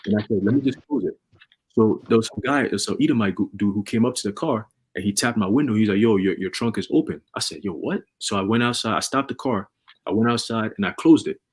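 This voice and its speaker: A man casually preaching and telling a story on a religious livestream, with energetic, repetitive street talk full of slang. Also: on the low side, fast talker, breathy edge.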